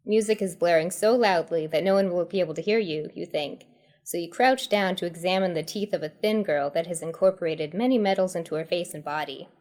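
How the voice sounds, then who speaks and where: A woman's voice: on the low side, brisk, darkish tone. Giggly woman reading a comic horror tale. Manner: breaks into giggles while reading. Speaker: storyteller host. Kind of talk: reading a choose-your-path horror comedy tale.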